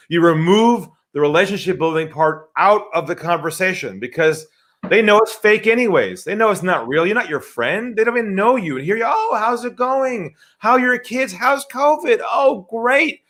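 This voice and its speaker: A man speaking as a sales expert guest in a podcast interview, animated and emphatic. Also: fairly high pitch. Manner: animated, acts out quoted voices, emphatic.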